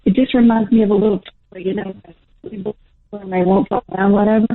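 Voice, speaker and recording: A woman's voice: medium pitch, flat delivery, moderate pace. Nervous out-of-breath middle-aged lady calling in, rambly, tinny phone line. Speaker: caller. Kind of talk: casual phone call to radio show.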